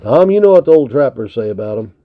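A man reading the part of an experienced trapper in charge of the night guard, brisk and firm. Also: medium pitch, very animated, close to an everyday voice. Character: experienced watchful male trapper, head of the guard. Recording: tinny narrow lo-fi recording.

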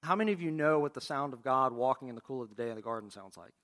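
A man preaching a sermon, reading scripture aloud and asking the congregation questions in an expressive way. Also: mid-range voice, very fast. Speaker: pastor.

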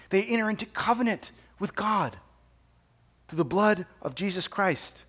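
A pastor preaches a sermon in a husky voice on the high side, moving at a measured pace with big pitch swings. He drops to hushed near-whispers, then climbs to loud, emphatic proclamation, repeating phrases and putting rhetorical questions to the congregation.

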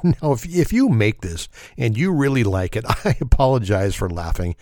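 A man's voice: mid-range voice, expressive, normal speed, a little mellow, no room sound, studio quality. A man hosting a casual comedy podcast, talking in a wry, sarcastic way and laughing often. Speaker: podcast host.

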